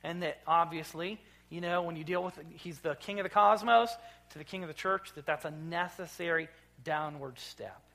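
A man preaching a sermon as pastor, emphatic, dropping low and then rising loud. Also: moderate pace. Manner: emphatic, swings from quiet to loud. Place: church sanctuary.

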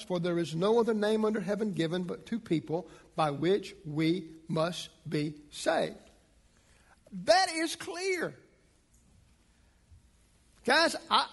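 A man preaching a sermon as a pastor, speaking emphatically and building to forceful points. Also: big-room sound. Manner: emphatic, rising to a preaching pitch.

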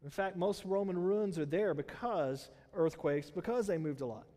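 A man's voice: sits high, expressive, moderate pace, dark tone. A man preaching a sermon in a conversational way, asking the congregation questions and using many fillers. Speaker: pastor. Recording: hall reverb.

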